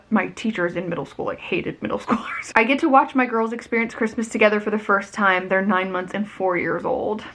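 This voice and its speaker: A woman's voice: mid-range voice, a bit bright, rough recording. A young woman vlogger reading out viewer messages in casual chat and responding with gushing encouragement.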